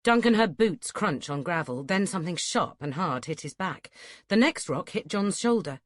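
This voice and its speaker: Her voice on the low side, a woman narrates an audiobook in an even, measured manner, following a script. The recording is dry and the studio sound clean.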